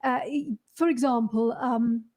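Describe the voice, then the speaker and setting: High-voiced woman hosting a chat. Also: steady tone, a little slow. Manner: warm, laughs often, talks in loose restarts. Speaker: host. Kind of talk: interview chat.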